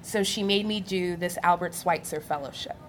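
A young adult woman on a live panel, telling her story in an animated way and laughing often. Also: lowish voice, moderate pace, slight background noise. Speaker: physical therapist on a panel.

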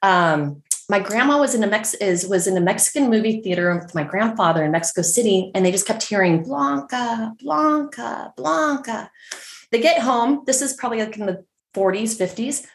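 A middle-aged woman from San Francisco, telling a story as a podcast guest in a chatty, animated way full of fillers. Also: medium pitch, brisk, echoey room. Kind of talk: casual storytelling.

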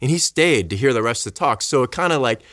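A man telling a story in casual conversation, animated and acting out the voices of the people in it. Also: medium pitch, quick pace, no echo, studio quality. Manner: animated, acts out quoted voices. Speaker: guest speaker.

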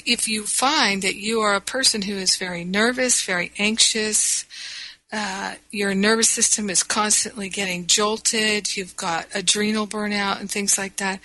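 Slow, bright-voiced woman teaching reflectively. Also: medium pitch, no room sound, low-quality recording. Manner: reflective, meandering, earnest. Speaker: spiritual teacher and podcast host.

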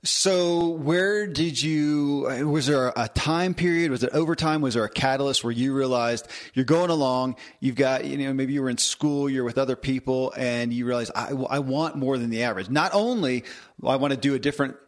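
A man hosting a podcast, asking a guest questions in a measured way. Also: medium pitch. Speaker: podcast host. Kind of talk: interviewing a guest.

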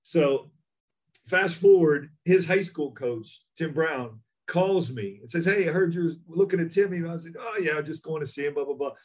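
A middle-aged man, a former basketball coach, telling recruiting stories in an animated way, acting out other people's lines. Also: a little high, normal speed. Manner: animated storyteller, acts out voices. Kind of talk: casual chat.

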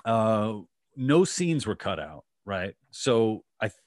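Male podcast host, low voice, rambling storyteller with lots of restarts, dry close sound. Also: big pitch swings, slow pace, a little mellow, no echo. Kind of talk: casual podcast chat.

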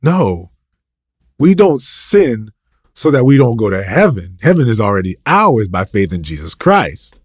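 A man's voice: lowish voice, sing-song, normal speed, few pauses, breathy edge, dry recording, studio quality. A man preaching an impassioned, ranting sermon, full of repetition and rhetorical questions.

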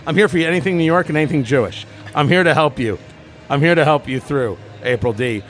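A man hosting a podcast in casual chat, animated and opinionated, often restarting his sentences. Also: fairly high pitch, fast talker. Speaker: podcast host.

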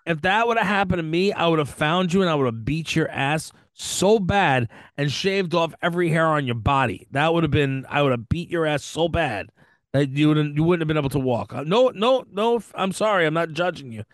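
A man's voice: a little high, animated, normal speed, no room sound, clean studio sound. A man co-hosting a podcast in casual chat, swearing freely and slipping into mock voices. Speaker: podcast co-host.

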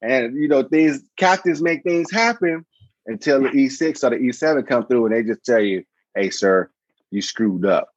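Guy in his 30s telling a story on a podcast, lots of voices in it, mid pitch, kinda muffled dry audio. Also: normal speed, no echo. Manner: animated, acts out voices in anecdotes. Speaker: podcast guest, founder. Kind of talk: casual storytelling.

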